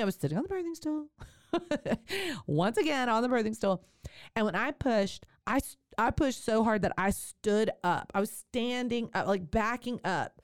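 A woman podcast host candidly telling a personal story, animated and laughing often. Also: medium pitch, smooth, dry recording, clean studio sound.

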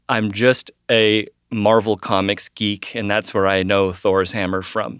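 A man's voice: medium pitch, fairly bright tone, smooth, no room sound, clean studio sound. A man author talking in an earnest, reflective way. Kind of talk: casual talk.

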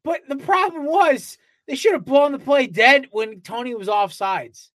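A man's voice: very high-pitched, unhurried, a bit bright, no echo. A man co-hosting a casual sports podcast, ranting with heavy profanity. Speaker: podcast co-host.

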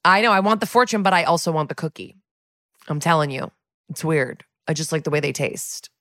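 Woman cohost, really low but bright edgy voice, chimes in quick, dry mic. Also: animated, no echo. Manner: quick reactions, laughs along. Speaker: podcast co-host. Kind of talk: casual chat.

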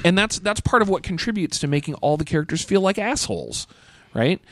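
Male podcast co-host, slightly high-pitched, dry sound, loose and profane. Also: sing-song, fairly quick, a bit bright, no room sound. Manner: sweary, laughs often. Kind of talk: casual chat.

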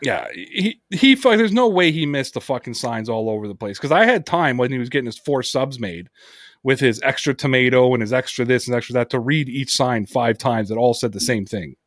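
A man hosting a sports podcast, telling stories in a casual, profane, animated way. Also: medium pitch, a little fast, no room sound, clean studio sound. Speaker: podcast host.

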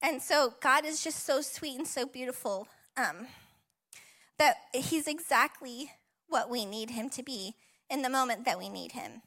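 A woman's voice: sits high, a little slow. A woman in her thirties, a pastor giving a personal testimony sermon in a church, conversational, emotional and encouraging. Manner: emotional, tearful at times, warm and encouraging; conversational with frequent fillers and laughs. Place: church auditorium.

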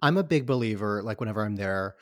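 A man's voice: on the low side, animated, fast, dry recording, clean studio sound. A man from Michigan hosting a casual interview, upbeat and enthusiastic with his guest. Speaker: podcast host.

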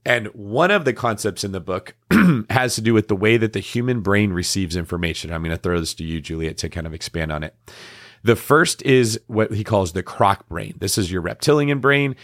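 A man's voice: fairly low pitch, normal speed. A middle-aged man co-hosting a business talk show, explaining ideas in a casual way and acting out the reactions of the people he quotes. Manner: animated, acts out quoted reactions. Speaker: podcast co-host.

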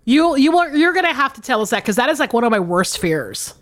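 A woman co-hosting a podcast, chatting casually and reading a listener's email aloud with animated, drawn-out emphasis. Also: high-pitched. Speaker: podcast co-host.

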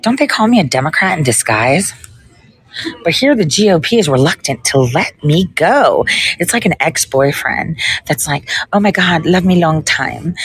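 A woman's voice: fairly low pitch, husky, low-quality recording. A woman, a political podcaster, in a casual ranting monologue full of sarcasm, profanity and mocking asides.

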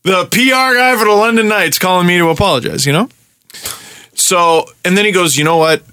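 A young man tells a story on a podcast in a bright, forceful voice that sits a little high. He is animated and profane, and he acts out his own rants. The sound is dry and close, with no room around it. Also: a little fast, smooth, dry recording. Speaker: podcast host. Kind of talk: casual storytelling chat.

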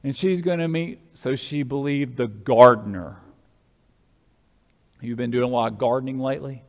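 A man preaching an Easter-style sermon as a pastor, with an animated, rising and falling delivery. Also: medium pitch, moderate pace, vocal fry, big-room sound.

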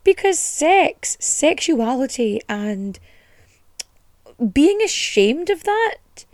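Irish woman podcast host, higher voice, sweary and sarcastic, dry close recording. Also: extremely slow, no room sound. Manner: animated and indignant. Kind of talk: casual storytelling podcast.

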